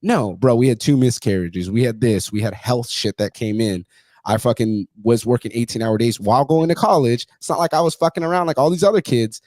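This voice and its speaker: Fast-talking, blunt, profane man. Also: medium pitch, a little mellow, dry recording. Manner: blunt, heavily profane storytelling; intense, fired-up delivery. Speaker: podcast host. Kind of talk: casual podcast conversation.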